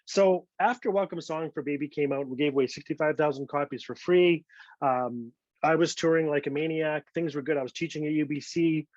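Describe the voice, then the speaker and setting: Animated man telling a story, dull dry sound. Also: fairly high pitch, fairly quick, no echo. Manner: animated, acts out other people's voices in quotes. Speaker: invited author telling a story. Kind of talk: storytelling talk.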